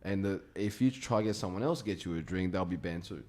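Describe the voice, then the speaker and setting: A man rattles through a story at a fast clip. His voice sits low, and his delivery is loose, rapid and full of swearing. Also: a little mellow. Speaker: comedian, podcast guest. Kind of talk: casual storytelling chat.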